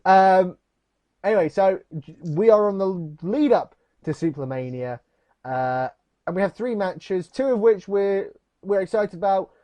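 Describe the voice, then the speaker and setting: Man co-host with a lively voice. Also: high-pitched, a little slow. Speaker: podcast co-host. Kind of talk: casual chat.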